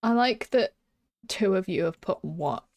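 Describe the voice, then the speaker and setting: A young woman chatting casually while streaming a game at home, giggling and often dropping to a hushed whisper. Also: medium pitch, animated, unhurried, dry recording. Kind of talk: casual live-stream chat. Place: small room at home.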